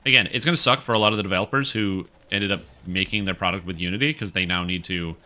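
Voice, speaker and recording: A man's voice: low voice, fast, bright, forceful tone. A man streaming a video game and chatting casually in a rambling way with many fillers. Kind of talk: casual gaming commentary.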